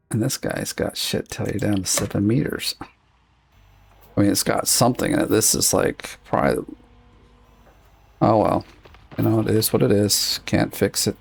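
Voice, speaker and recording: A man talks to himself as he plays, his low voice heavy with gravel. He sounds husky and worn, like he is losing his voice, and his commentary wanders from one thought to the next. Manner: rambling, thinking aloud while playing. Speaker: gaming streamer. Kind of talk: casual gameplay commentary.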